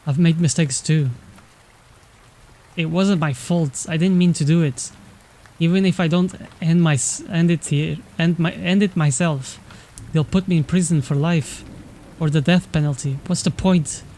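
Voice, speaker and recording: A man voicing a frightened, remorseful teenage boy in a story game, speaking haltingly and stammering. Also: on the high side, fairly even intonation, dark tone. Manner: halting, stammering, full of self-blame.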